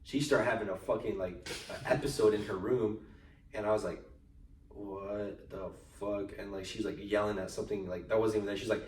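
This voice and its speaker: A man's voice: fairly low pitch, fairly even intonation, fast talker, a little mellow. Rambling young man, roomy and distant. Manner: rambling storyteller, heavy slang and swearing. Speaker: podcast co-host. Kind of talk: casual chat. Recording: roomy echo, far from mic, faint noise.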